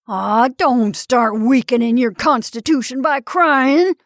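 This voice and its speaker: A woman voicing an indignant, selfish middle-aged husband who talks loudly and blusters. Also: on the high side, expressive, moderate pace, dry recording, studio quality. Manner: loud, blustering, complaining.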